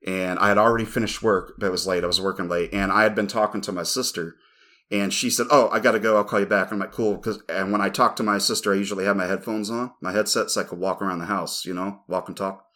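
A man's voice: on the low side, steady tone, fast talker, pushed and bright. A man co-hosting a podcast, telling a rambling, profane story in casual chat. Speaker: podcast co-host.

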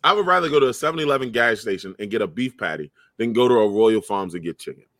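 A young man in casual chat, telling stories loudly with slang and lots of swearing. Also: fairly low pitch, fast talker, dry recording, clean studio sound. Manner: loud, profane, animated storytelling with slang.

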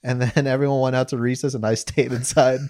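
A man's voice: mid-range voice, flat delivery, quick pace, darkish tone. Young man telling a self-mocking story. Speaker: podcast co-host. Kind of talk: casual podcast chat.

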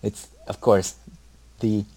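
Male podcast co-host, low voice, casual profane rambler. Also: takes it slowly, slightly rough. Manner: rambling, profane, animated retelling. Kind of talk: casual movie chat.

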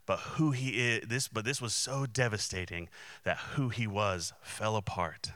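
A man's voice: fairly low pitch, a little slow, fairly bright tone, no room sound. A man preaching a casual, conversational sermon, with many restarts and fillers and quoted voices acted out. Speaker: pastor.

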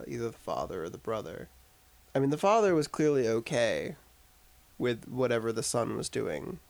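A podcast co-host in upstate New York reviews a film during a casual chat, rambling and using plenty of filler words. He has a mid-range voice with vocal fry.

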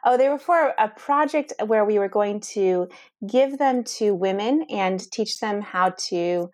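Lively woman guest telling a story. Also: medium pitch, measured pace, no room sound, clean studio sound. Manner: animated, lots of "like" and restarts. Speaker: interview guest. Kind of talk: conversational storytelling.

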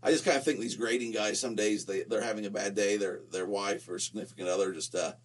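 A man's voice: on the low side, fast talker. A man from Utah co-hosting a podcast, chatting casually in a playful, teasing way as he tells stories. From Utah, USA. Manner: playful, teasing, lively storyteller. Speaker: podcast co-host. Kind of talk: casual chat.

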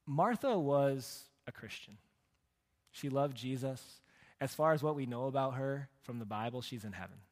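A man preaching a sermon as a pastor, telling stories with humor and swinging between loud, emphatic lines and hushed ones. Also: medium pitch, expressive, normal speed. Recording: long hall reverb.

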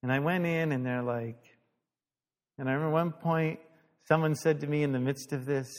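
A man's voice: a little high, lively intonation, moderate pace, fairly bright tone. A male pastor preaching a sermon, telling a story animatedly, acting out the dialogue and laughing at himself. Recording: long hall reverb.

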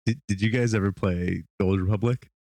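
A man co-hosting a casual podcast, easygoing and quick to laugh. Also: fairly low pitch, steady tone, darkish tone, no room sound. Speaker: podcast co-host. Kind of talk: casual chat.

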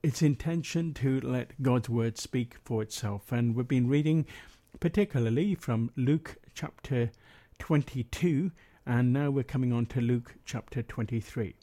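A man reads scripture aloud at a steady pace, his voice mellow and relaxed. When he speaks in his own words as the meeting's leader, he talks in a loose way with hesitant ums and uhs. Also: mid-range voice, unhurried, hardly any pauses. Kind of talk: Bible reading and spoken commentary.

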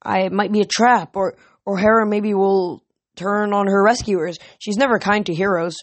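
A reader voicing a commanding teenage girl leader who speaks firmly and briskly. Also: mid-range voice, fairly even intonation, close to an everyday voice. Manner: firm, brisk, snapping. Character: sharp-minded teen girl camp leader, commanding. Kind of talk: audiobook reading.

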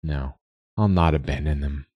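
A steady, patient carpenter speaking plainly and earnestly, as a man voices him. His voice is very low and close, with a dry sound and no echo. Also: normal speed, husky, dull audio.

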